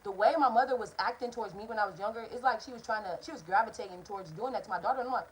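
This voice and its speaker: A young woman tells a story for her vlog at a quick clip. She is talkative and rambling, blunt and profane, and keeps drifting off topic. She talks straight to her viewers in a casual way. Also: medium pitch, slight background noise, rough recording. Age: young adult. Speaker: vlogger.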